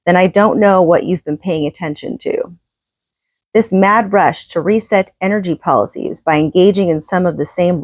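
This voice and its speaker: Woman reader-commentator, low-ish voice, conversational, opinionated, dry sound. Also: no echo. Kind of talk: casual commentary on a book reading.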